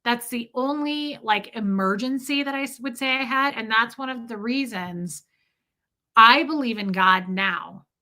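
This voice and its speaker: A woman's voice: a little high, unhurried, bright, forceful tone. A woman hosting a livestream and telling a candid, rambling personal story to her chat. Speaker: livestream host. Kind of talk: casual storytelling to live chat.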